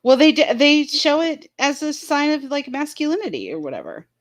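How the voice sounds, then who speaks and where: A woman co-hosting a casual livestream chat show reads out viewer comments and keeps collapsing into fits of giggles. Her voice is high-pitched with huge swings in pitch, at a moderate pace.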